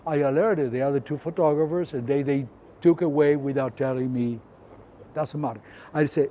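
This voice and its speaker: A man in his seventies from Argentina with an Argentine Spanish accent, a photographer who tells his story in a lively way, acting out scenes with sound effects and quoted voices. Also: mid-range voice, normal speed, a little hiss or hum. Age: 70s. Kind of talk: personal storytelling.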